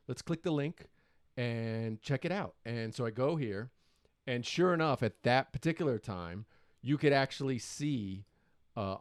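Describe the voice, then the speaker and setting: A middle-aged man hosts his own show and tells a story with building excitement. He keeps acting out his own past reactions in quotes. His voice is mid-pitched, and the sound is close and dry. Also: dry recording. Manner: animated, breathless retelling full of quoted exclamations. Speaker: show host.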